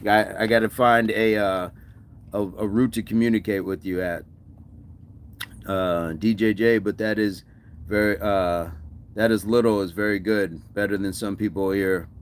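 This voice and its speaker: A man's voice: lowish voice, fairly even intonation, measured pace, slight background noise. A man hosting a fitness livestream, chatting casually and answering viewer comments with encouragement.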